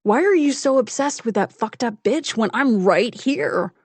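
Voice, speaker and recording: A woman's voice: a little high, expressive, measured pace, husky, no room sound, voice pushed up, full character voice. A woman voicing a pushy, resentful young man who talks scornfully and demands answers, in an audiobook. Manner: demanding and scornful, then pleading. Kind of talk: audiobook character reading.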